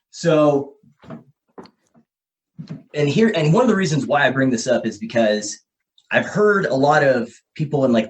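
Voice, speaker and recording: A man hosting a podcast, thinking out loud as he explains ideas at a whiteboard and often checks in with "okay?" and "right?". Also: medium pitch. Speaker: podcast host. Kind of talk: casual explanatory podcast talk. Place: room with a whiteboard.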